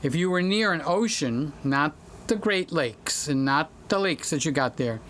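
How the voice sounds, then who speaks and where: There's slight background noise as a man with an animated, bright, higher voice talks a little slowly. He hosts a casual livestream from a home studio, chatting with viewers by name, reading their comments, and occasionally singing.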